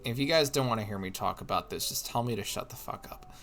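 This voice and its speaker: A man's voice: fairly low pitch, quick pace, fairly bright tone, faint music behind. Tired rambling male streamer. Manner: rambling storytelling with restarts. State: tired, yawning. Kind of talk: casual chat while gaming.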